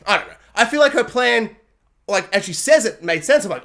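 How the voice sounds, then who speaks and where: A man giving a casual, joking spoken review of a TV series, animated and full of quick impressions. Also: sits high. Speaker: video reviewer.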